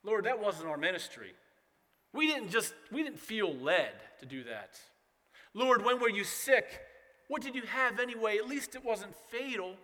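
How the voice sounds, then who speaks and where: A man's voice: high-pitched, sing-song, unhurried, bright, forceful tone, long reverb tail, exaggerated voice. A man voicing a smug, sarcastic churchgoer who makes whiny excuses to the Lord.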